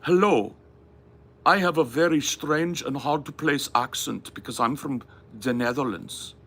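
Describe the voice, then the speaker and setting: A man's voice: a little high, measured pace, fairly bright tone, breathy edge, pitched above the performer's own voice, heavily acted. A man putting on a mock Dutch accent as a stereotyped, oddly formal Dutch man. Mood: goofy.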